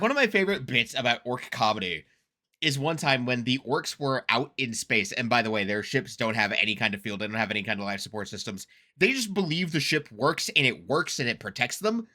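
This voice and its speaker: A man talks through a reaction video in casual, excitable commentary, laughing often and swearing freely. His voice is very bright and sharp, and his pitch swings about with animation. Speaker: reaction streamer.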